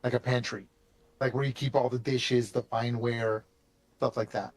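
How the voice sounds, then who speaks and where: A man's voice: medium pitch, little pitch movement, moderate pace. A man running a tabletop game as game master, in a casual, chatty way that slips into light swearing.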